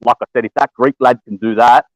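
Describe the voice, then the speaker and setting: A man's voice: medium pitch, steady tone, fast, dry recording, poor audio. A man calling into a casual boxing chat who keeps insisting on his point and repeats it.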